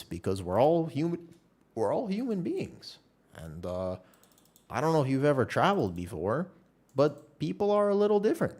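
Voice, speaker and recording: A man live streaming a game, telling a long story in a casual, animated way with many restarts. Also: on the high side, moderate pace. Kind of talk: casual chat while playing a game.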